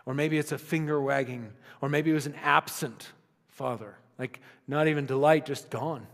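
A man preaching a sermon in a conversational style, often dropping to soft, intimate tones. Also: medium pitch, steady tone, normal speed. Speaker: pastor. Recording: long reverb of a large hall.

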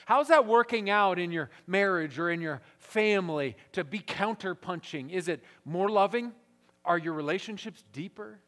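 A man's voice: high voice, animated, normal speed, a bit bright. A pastor in his thirties or forties preaching a sermon to a gathering, building his points through emphatic repetition. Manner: emphatic, repetitive build-ups with rising force. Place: large church gathering hall.

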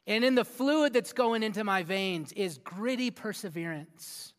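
A man preaching a sermon as a youth pastor in a church hall, energetic and interactive, often asking the audience questions. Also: high voice, a little slow. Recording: long hall reverb with faint music.

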